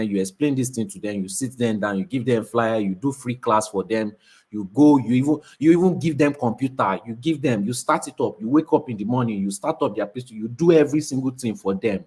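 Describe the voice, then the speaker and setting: A man's voice: mid-range voice, darkish tone, breathy edge. Blunt Nigerian man, scornful talk. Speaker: co-host. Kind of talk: casual commentary chat.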